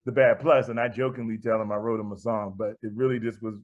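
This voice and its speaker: A man, a guest jazz musician, telling anecdotes in a relaxed interview. He acts out the voices of the people he quotes and laughs often. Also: fairly low pitch, quick pace, phone-quality sound.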